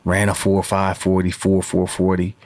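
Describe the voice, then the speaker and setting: He's in his forties, guesting on a podcast and spinning rambling stories packed with fillers for a casual interview. His low, slightly mellow voice stays completely flat at a moderate pace, with no echo in the audio.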